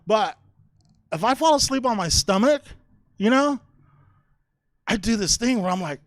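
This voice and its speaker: A man's voice: high voice, expressive, measured pace. A man doing a conversational stand-up bit, telling a story and checking in with "right?". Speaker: stand-up comedian. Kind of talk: stand-up comedy set. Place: outdoor stage.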